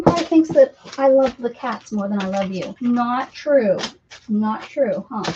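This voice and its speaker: A woman's voice: on the high side, expressive, measured pace. Sing-song woman coaxing in lilting baby talk. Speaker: craft livestream host. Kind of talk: casual livestream talk to pets and viewers. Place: home craft room. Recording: dull lo-fi livestream audio with faint noise.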